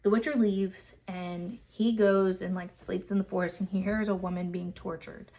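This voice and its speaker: A woman's voice: mid-range voice, fairly even intonation, moderate pace, mellow. A woman hosting a book club, casually recapping a chapter in a loose, filler-heavy way and swearing freely.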